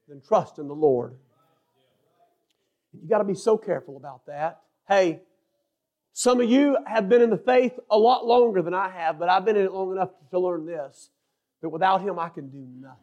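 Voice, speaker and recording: A man preaching a sermon as pastor, building to shouted emphasis and dropping into joking asides. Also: high voice.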